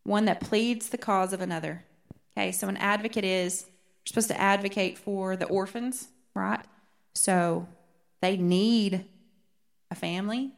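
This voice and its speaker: An earnest woman leads a Bible study. She rereads verses slowly to stress them, and her voice sits at an ordinary pitch. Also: steady tone, vocal fry.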